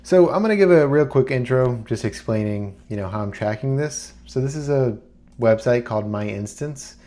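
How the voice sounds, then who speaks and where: A man talking casually to camera as a YouTuber, rambling and relaxed with plenty of fillers. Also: medium pitch, moderate pace. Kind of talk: casual screen-recorded talk.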